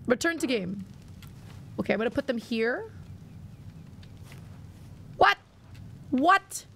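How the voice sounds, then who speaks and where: A woman's voice: on the high side, expressive, moderate pace, a little hiss or hum. A woman live-streaming a video game, chatting playfully and reacting to her viewers' messages.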